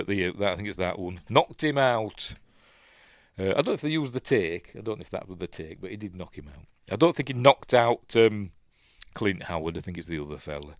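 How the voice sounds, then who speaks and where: A man's voice: on the low side, no echo, clean studio sound. A man with a Yorkshire accent hosting a casual film breakdown, rambling and emotional, full of ums and uhs. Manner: emotional, chatty. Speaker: film review host.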